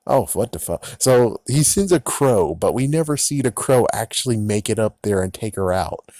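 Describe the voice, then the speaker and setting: A man with a lowish voice rants through a TV episode recap in a loose, sarcastic way, swearing freely and laughing at the plot. The sound is dry and close, with no room around it. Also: animated, normal speed, a little mellow, dry recording. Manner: sarcastic, profane, frequently laughing. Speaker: TV episode reviewer. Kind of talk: casual recap and review.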